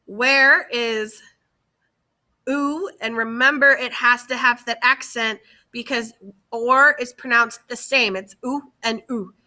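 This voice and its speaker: Slow, bright-voiced woman teacher. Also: on the high side, fairly even intonation. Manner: slow, careful, repeats key words for students. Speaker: French teacher. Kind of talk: slide-based classroom lesson.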